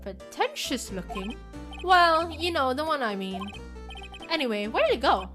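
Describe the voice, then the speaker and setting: A woman's voice: high-pitched, sing-song, moderate pace, sharp tone, faint music behind, pitched above the performer's own voice, full character voice. A woman voicing a young male defense lawyer who questions witnesses with dry asides. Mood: probing.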